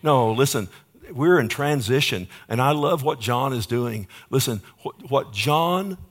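A man preaching a sermon, switching between loud, emphatic declarations and quiet, hushed passages, and often asking the congregation "Amen?". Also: medium pitch, expressive, a little slow.

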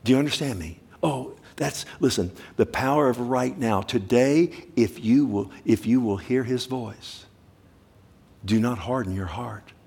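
A man preaching a sermon, animated, swinging from loud urgent bursts to quiet low asides. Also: measured pace, creaky, slightly rough.

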